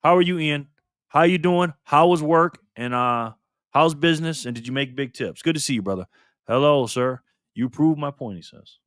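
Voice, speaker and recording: A man's voice: fairly high pitch, normal speed, fairly bright tone, no echo, clean studio sound. A man hosting a casual livestream, reading viewer comments aloud in a loose, laid-back way and calling people man and brother. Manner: loose, repeats and restarts phrases. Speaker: livestream host.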